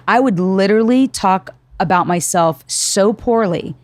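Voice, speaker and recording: Speaking at a moderate pace with barely any pauses, the middle-aged host uses a mid-range voice to tell lively stories on her podcast. She acts out quotes and swears a bit, and there's no room sound.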